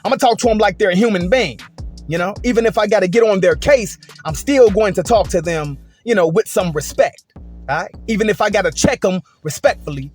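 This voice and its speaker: A man with a high voice tells a story from his own life and lectures in a conversational, emphatic way, repeating points and checking in with "right?" and "okay?". Faint music runs beneath his talking. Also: fairly quick, breathy edge. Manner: emphatic, repetitive, conversational with frequent "et cetera" and "okay?". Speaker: commentator. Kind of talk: casual storytelling rant.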